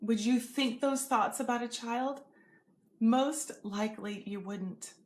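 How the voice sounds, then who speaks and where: A woman hosting an inspirational video, speaking gently and earnestly to viewers. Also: fairly high pitch, slow. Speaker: motivational video host. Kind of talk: heartfelt direct-to-camera encouragement.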